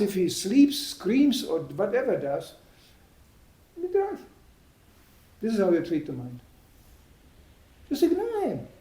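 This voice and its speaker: A man's voice: sits high, dark tone. Chatty man giving a spiritual talk. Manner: chatty, anecdotal, laughs at own stories. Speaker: devotional speaker. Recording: echoey room.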